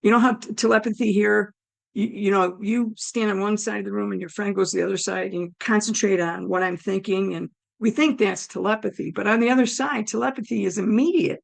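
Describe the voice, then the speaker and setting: A woman with a hoarse, damaged throat telling her near-death story, acting out her own thoughts as she goes. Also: medium pitch, steady tone, a little fast. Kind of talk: personal storytelling.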